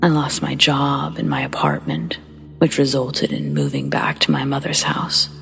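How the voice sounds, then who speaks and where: A woman hosting a horror story show, reading first-person accounts in a hushed, breathy whisper with a slow, measured delivery. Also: a bass voice, big pitch swings, faint music behind. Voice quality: breathy whisper with gravelly fry. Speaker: horror story narrator and host.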